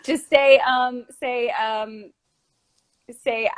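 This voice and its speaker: A woman chats on a casual live stream in a teasing, rambling way. Her voice sits somewhat high. She talks loosely, with a lot of filler, and trades jokes with her co-host. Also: expressive, brisk. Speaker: actress.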